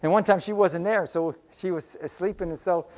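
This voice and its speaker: High-voiced older preacher. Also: male voice, steady tone, moderate pace, a little mellow. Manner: folksy, conversational preaching with homespun stories. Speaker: pastor. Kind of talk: sermon.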